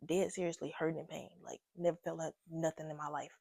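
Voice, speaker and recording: Young woman vlogger, husky and gravelly, lively slangy storytelling, dry close mic. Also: sits low, fast, no room sound. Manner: animated, slangy, talks straight to viewers. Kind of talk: casual storytime. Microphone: own microphone.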